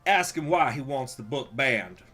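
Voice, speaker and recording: A man's voice: mid-range voice, expressive, measured pace, bright, forceful tone, breathy edge, full character voice. A man voicing a blunt, unimpressed man president asking curt, incredulous questions.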